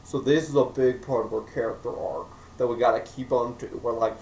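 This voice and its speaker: A man's voice: medium pitch, steady tone, a little fast, darkish tone. Joking man reviewing a movie, echoey room. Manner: joking, acts out characters in silly voices. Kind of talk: casual vlog review. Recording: echoey room, mic at a distance, faint noise.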